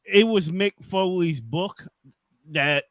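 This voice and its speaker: A man with a slightly high voice speaks on a dry close mic, telling his stories in a laid-back, joking way. He is a veteran pro wrestler guesting on a casual podcast. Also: takes it slowly, a bit bright, no room sound, dull audio. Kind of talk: casual interview chat.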